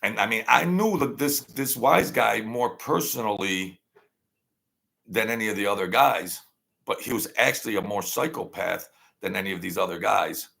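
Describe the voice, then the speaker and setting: Older male host, gravelly and forceful, blunt and wary in a casual monologue. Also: lowish voice, moderate pace. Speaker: channel host. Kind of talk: rambling casual storytelling.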